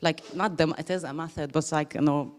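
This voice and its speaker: A woman's voice: deep voice, fairly even intonation, fast talker. A woman giving a casual, emotional thank-you speech to a group, laughing often and quoting others.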